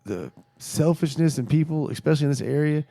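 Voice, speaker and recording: A man's voice: fairly high pitch, lively intonation, a little fast, creaky, warm tone. A man co-hosting a podcast, ranting bluntly and swearing often in casual chat.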